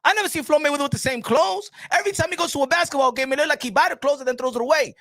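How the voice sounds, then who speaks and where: A man hosting a casual boxing live stream, animated and laughing, often repeating himself and switching between languages. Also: very high-pitched, racing, no echo, studio quality.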